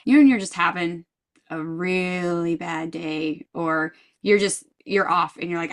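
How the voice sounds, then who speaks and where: A woman's voice: fairly low pitch, a little slow. A woman guest in a podcast interview, speaking earnestly and thoughtfully, often restarting her sentences. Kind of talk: casual interview chat.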